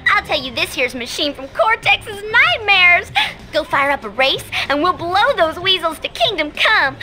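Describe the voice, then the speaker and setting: A woman's voice: very high voice, big pitch swings, normal speed, pushed and bright, exaggerated voice. An actress playing a folksy, rowdy female possum racer with a drawl, in a video game cutscene. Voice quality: twangy hick drawl.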